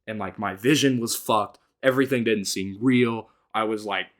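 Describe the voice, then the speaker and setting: A man's voice: on the low side, normal speed. A young man telling a wild personal story in a loose, rambling way, swearing often and filling with "like". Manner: rambling, profane, fillers like "like". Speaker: vlogger. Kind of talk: casual storytelling.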